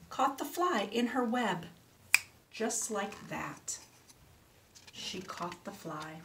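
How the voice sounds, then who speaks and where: A woman teaching speech to children, reading a picture book aloud slowly and clearly and pausing so they can repeat words. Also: lively intonation, fairly bright tone. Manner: animal sounds with big jumps in pitch.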